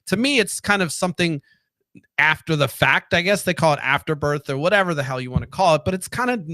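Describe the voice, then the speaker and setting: A sarcastic man rants loosely to his viewers, swearing freely and wandering off on tangents. His voice sits a bit higher than most men's. The sound is close and dry, with no room around it. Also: lively intonation, fairly quick, bright, forceful tone, no room sound. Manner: profane, rambling, sarcastic. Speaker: political commentary host. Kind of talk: casual solo rant to camera.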